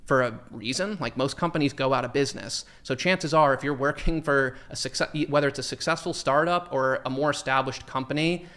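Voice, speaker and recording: A man giving sales advice in a conversational podcast, animated and acting out sample sales lines. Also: medium pitch, brisk, hardly any pauses. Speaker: sales trainer guest.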